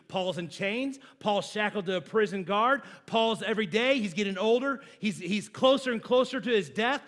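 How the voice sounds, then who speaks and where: High-voiced man preaching a sermon. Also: normal speed, few pauses. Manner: dynamic preaching, swinging from loud emphasis to low hushed lines; conversational, asks the congregation questions and jokes with them. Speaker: pastor.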